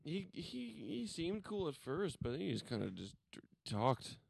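A man hosting a comedy podcast with a mid-pitched, gravelly voice full of fry. He teases his co-host in a dry, deadpan way, and the sound is close and dry. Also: normal speed, no echo. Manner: wry, teasing, deadpan. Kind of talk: casual comedic banter.

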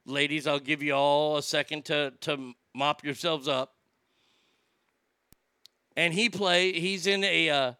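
A man's voice: a little high, sharp tone, smooth, no echo. A male comedian doing stand-up, with a profane, rambling ranting delivery.

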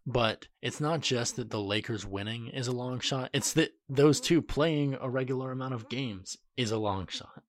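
A man's voice: mid-range voice, normal speed, hardly any pauses, dry recording. A man co-hosting a sports podcast, speaking in a laid-back, wry way with fillers. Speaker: podcast co-host. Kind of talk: casual sports podcast chat.

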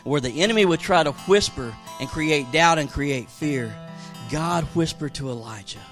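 A male pastor with a slightly higher voice preaches to his congregation, swinging from rousing, emphatic lines to quiet, hushed telling. Soft guitar music plays underneath him throughout. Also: expressive, normal speed. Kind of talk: sermon.

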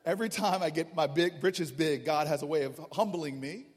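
A man's voice: on the high side, normal speed, husky. A man from New Jersey, a politician, telling humorous stories to a crowd in a large public hall. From New Jersey, USA. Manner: animated, humorous, with many restarts. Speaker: politician speaking at a town hall. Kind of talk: storytelling speech. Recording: reverberant hall from far off.

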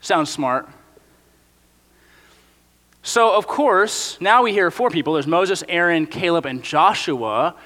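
Bright-voiced young preacher, casual and animated. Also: male voice, fairly high pitch, slow pace, long pauses. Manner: casual, animated storytelling with frequent "like". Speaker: pastor. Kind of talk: sermon. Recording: long hall reverb.

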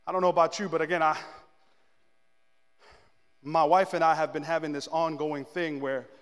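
A man, a pastor, preaching a sermon and telling a story about himself in an animated, self-mocking way, acting out his own outbursts. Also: a little high, normal speed, clear, resonant tone, in a large hall.

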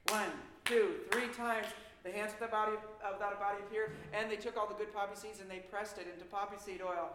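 Brief: a man narrating a ghost story with lively suspense and drawn-out pauses, recorded in a roomy echoey space. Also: sits high. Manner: animated, suspenseful, dramatic pauses. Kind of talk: spooky folktale storytelling. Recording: echoey room with faint noise.

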